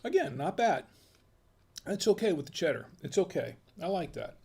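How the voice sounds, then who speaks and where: A man's voice: high voice, sing-song, moderate pace, a little mellow, husky. An American man hosting a casual wine tasting, chatty and folksy, murmuring as he samples food and wine. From United States. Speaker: wine review host.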